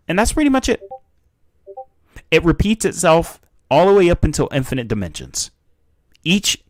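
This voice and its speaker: A young man streaming live, talking casually and joking as he reacts to a video. His pitch jumps around with a lot of energy. He is recorded dry and close on a desk mic, with typing and clicking behind him. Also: dry recording. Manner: animated and joking.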